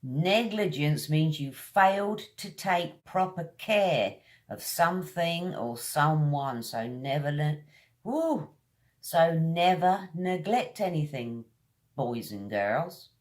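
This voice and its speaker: Slow-paced British woman teaching pronunciation. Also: low-pitched, lively intonation. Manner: slow, drawn-out drills of each word. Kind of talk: vocabulary lesson.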